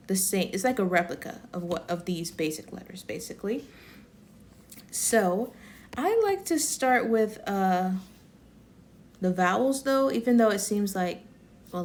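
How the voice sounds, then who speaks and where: A woman giving a casual online language lesson, chatty and rambling, often correcting herself and laughing. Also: medium pitch. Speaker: Korean language teacher.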